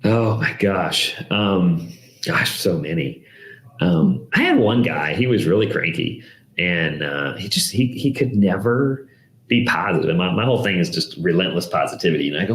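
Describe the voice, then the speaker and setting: A man, a downsizing expert, telling animated stories in a casual interview and acting out the people he quotes. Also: low-pitched, normal speed, echoey room. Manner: animated storyteller, acts out quoted voices. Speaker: guest, downsizing expert and TV host.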